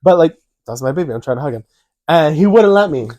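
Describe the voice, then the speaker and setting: A young man with a fairly high, mellow voice tells stories in a casual chat, jumping into acted-out quotes with a lifted voice. The sound is close and dry, with no room around it. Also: quick pace, no echo. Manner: animated, acts out quotes in a raised voice. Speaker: co-host.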